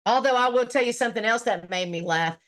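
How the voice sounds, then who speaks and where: Quick-paced and somewhat bright, with a fairly high pitch, this woman runs a casual livestream where she reads viewer comments out loud. Her reactions are blunt and full of swearing, broken up by lots of laughter.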